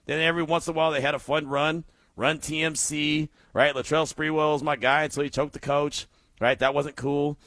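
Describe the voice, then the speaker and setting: A man hosting a call-in sports radio show, talking in an animated, emphatic way and laughing often. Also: on the high side, fairly quick, no echo, studio quality.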